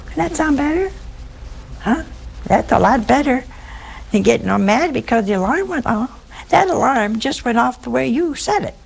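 A woman's voice: fairly high pitch, animated, normal speed, creaky, a little mellow, breathy edge. A woman preaching a sermon in a folksy, humorous storytelling manner, acting out bits of dialogue.

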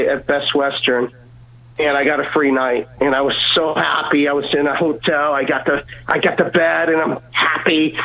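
A man's voice: on the high side, pushed and bright, low-quality recording. Earnest man telling his testimony. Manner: earnest, repeats words, acts out voices in his story. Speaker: guest. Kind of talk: personal testimony storytelling.

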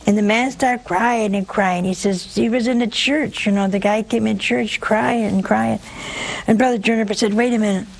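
A woman preaching a sermon, telling a story in a lively, humorous way despite a sore throat. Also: mid-range voice, normal speed, gravelly, low-quality recording.

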